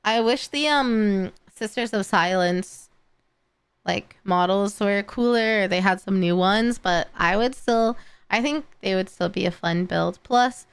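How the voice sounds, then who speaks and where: Slow, tired young woman streamer, gravelly. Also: mid-range voice, dry recording. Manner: slow, rambling, with many fillers and restarts. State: tired and yawning. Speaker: streamer reacting to videos and chat. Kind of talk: casual live-stream chat.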